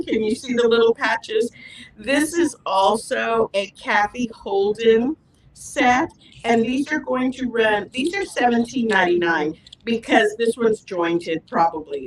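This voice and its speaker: Gushing female shop host demoing products, slightly high voice. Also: poor audio. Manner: chatty, gushing. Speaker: fabric store host. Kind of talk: live product demo.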